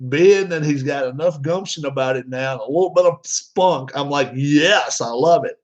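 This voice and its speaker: A man's voice: fairly high pitch, normal speed, a little mellow. A man chatting casually to his viewers, rambling, with many fillers and restarts. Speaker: vlogger. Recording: dull lo-fi sound.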